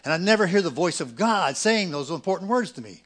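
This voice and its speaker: Man preaching a sermon, loud and soft. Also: high voice, animated. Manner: swings between loud emphatic peaks and quiet, fast asides. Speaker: pastor.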